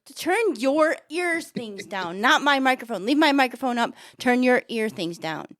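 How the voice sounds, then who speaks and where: A woman's voice: sits high, lively intonation, normal speed, a bit bright, no room sound, studio quality. A woman co-hosting a comedy podcast in casual chat, giggly and laughing often. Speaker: podcast co-host.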